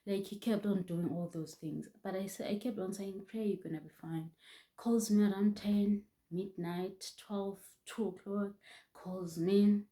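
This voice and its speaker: A young woman telling a painful personal story in a halting way, often restarting, her voice close to tears. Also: mid-range voice, steady tone, dark tone. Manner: halting, restarts often, voice rising and breaking with emotion. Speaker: vlogger.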